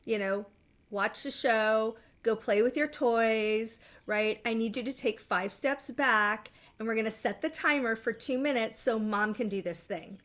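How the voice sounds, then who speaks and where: Middle-aged woman therapist, fairly high voice. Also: a bit bright. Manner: explaining in a measured way, often asking "right?". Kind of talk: therapy session talk.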